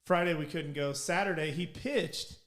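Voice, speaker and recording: A man, co-hosting a podcast and telling rambling, animated stories. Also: fairly high pitch, moderate pace. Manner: rambling, animated storyteller with restarts. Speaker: podcast co-host. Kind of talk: casual storytelling chat.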